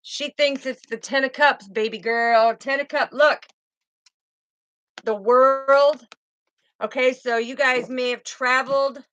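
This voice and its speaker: A woman's voice: high voice, fairly even intonation, slow, fairly bright tone, highs cut off. A woman giving a tarot reading to her viewers, soothing and affectionate, calling them sweetheart. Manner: soothing, calls viewers sweetheart and baby girl. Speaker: tarot reader.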